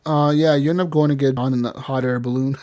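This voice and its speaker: A man in the middle of casual podcast banter, his voice sitting at an ordinary pitch. He swears freely, laughs often and acts out bits of quoted dialogue as he talks. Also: steady tone, fast, a little mellow, no echo. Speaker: podcast co-host. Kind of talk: casual chat.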